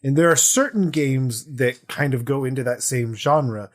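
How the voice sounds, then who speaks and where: A man's voice: mid-range voice, unhurried. A man co-hosting a tabletop gaming podcast in casual, playful chat. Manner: animated, playful storytelling. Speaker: podcast co-host.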